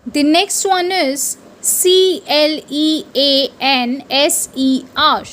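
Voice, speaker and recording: A woman's voice: high-pitched, steady tone, a bit bright, a little hiss or hum. A woman teaching English pronunciation to camera, spelling each word out letter by letter and checking in often with "right?". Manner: deliberate, spells words out letter by letter.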